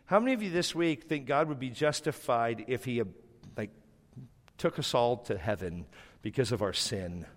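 A man's voice: mid-range voice, expressive, moderate pace, long reverb tail. A man pastor delivering a sermon in a church, emphatic and building phrases in repeated lists.

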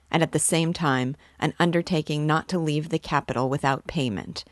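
A hurried male clerk rattles off the rules in a matter-of-fact way, voiced by a woman reading aloud. Her voice sits low. The sound is dry and close. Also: dry recording, lightly acted. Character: brisk male office clerk, businesslike.

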